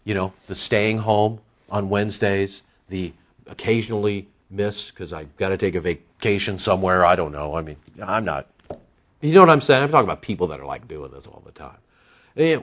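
A pastor preaches in a church, his voice swinging up and down with lively emphasis. He builds to loud peaks on key words and then sinks low and soft. The recording is dull and lo-fi. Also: fairly quick. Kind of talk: sermon. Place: church sanctuary.

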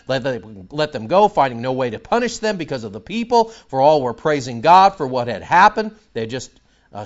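A man preaching an expository sermon, reading scripture slowly and then explaining it conversationally. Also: medium pitch, muffled recording. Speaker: preacher teaching the Bible.

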